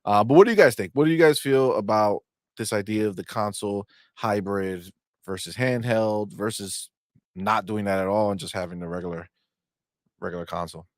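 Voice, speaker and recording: A man in his thirties co-hosting a casual gaming podcast from his home game room, talking in an animated way with lots of fillers and swearing. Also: lowish voice, normal speed, dry recording, studio quality. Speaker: podcast co-host. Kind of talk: casual chat.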